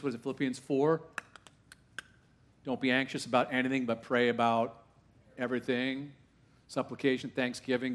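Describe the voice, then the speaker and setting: A male pastor in the pulpit, talking to his congregation rather than at them. He fires off question after question, drops to a hush, then climbs to loud, excited peaks, with his voice sitting in an ordinary middle pitch for a man. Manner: conversational preaching full of questions to the congregation; swings from hushed asides to loud, rising exclamations. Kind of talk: sermon. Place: church sanctuary with a live congregation.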